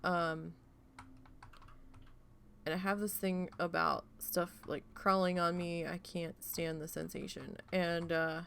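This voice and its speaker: A woman streamer chatting casually while gaming, rambling and swearing freely as she tells an animated story. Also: lowish voice, slow pace, vocal fry, slight background noise.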